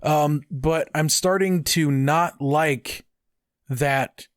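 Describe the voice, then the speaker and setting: Man, podcast co-host, fairly high voice, dry close mic, rambling casual chat. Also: drawn-out words, dry recording. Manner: rambling, animated, with filler words and restarts.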